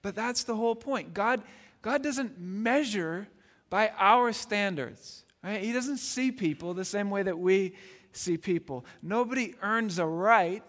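A man's voice: high-pitched, fairly bright tone, long reverb tail. A man preaching a sermon in a conversational way, often repeating words and asking "right?". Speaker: pastor.

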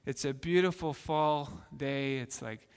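High-voiced man preaching in a reverberant hall. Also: a little slow, smooth. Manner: storytelling, earnest and repetitive with restarts. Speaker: pastor. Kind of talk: sermon.

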